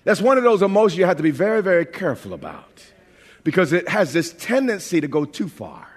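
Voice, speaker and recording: Preacher, a man from New York with a high voice. Loose, joking sermon delivery, recorded in a big reverberant church hall. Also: big pitch swings, husky. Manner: conversational, joking preaching with quick restarts. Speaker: pastor.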